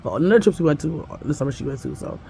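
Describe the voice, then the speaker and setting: A woman's voice: deep voice, sing-song, very fast, mellow, slight background noise. A woman vlogging casually from home, rambling and chatty, breaking off to talk to her toddler. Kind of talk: casual vlog chat.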